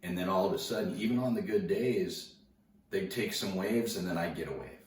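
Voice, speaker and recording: A man casually telling a story to an audience, laid-back and slangy, animated as he recounts it. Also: deep voice, moderate pace. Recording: roomy, distant mic, faint noise.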